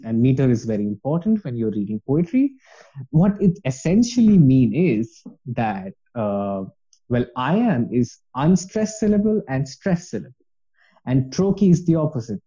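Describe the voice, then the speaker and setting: Mellow husky man, lo-fi podcast audio. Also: mid-range voice. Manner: earnest, passionate, rambling with many fillers. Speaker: poetry podcast guest. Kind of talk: casual podcast conversation.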